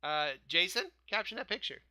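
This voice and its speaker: High, bright-voiced man hosting a fan show. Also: lively intonation, fairly quick, clear, resonant tone, dry recording. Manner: laughs a lot, calls on each panelist by name. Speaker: podcast host. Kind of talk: casual fan show chat.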